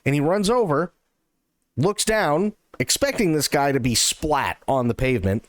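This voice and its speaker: A man streaming live, telling a long joke and thanking viewers in an excitable, animated way. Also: on the high side, moderate pace, no room sound, studio quality.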